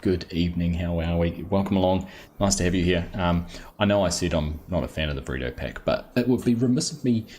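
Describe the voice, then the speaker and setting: An Australian man with a low voice hosts a relaxed live gaming stream, greeting his viewers one by one. His talk is chatty and easygoing, full of ums. A faint hiss of noise sits behind him. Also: brisk. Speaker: livestream host.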